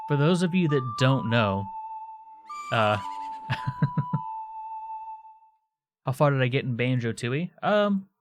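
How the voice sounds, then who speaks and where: A man's voice: mid-range voice, expressive, normal speed. A man streaming a video game from home, rambling and chatting with viewers as he plays. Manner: rambling, chats with viewers while playing. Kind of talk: casual gameplay chat. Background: video game music.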